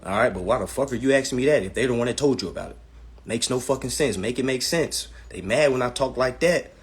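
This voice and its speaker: A man's voice: mid-range voice, quick pace. A man hosting a live stream, answering viewers' questions from chat in a blunt, profane, ranting way while promoting his class. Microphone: phone.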